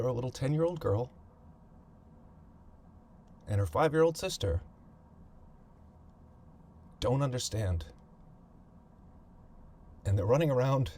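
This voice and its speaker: Halting man telling a family story. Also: mid-range voice, warm tone. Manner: halting, repeats words, thinks aloud. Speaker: podcast host.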